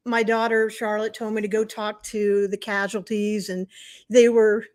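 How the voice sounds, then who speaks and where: A middle-aged woman hosting a live stream, telling a personal story in a chatty, animated way and acting out what people said. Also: unhurried. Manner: chatty, animated, acts out quotes in high wailing voices. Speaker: host.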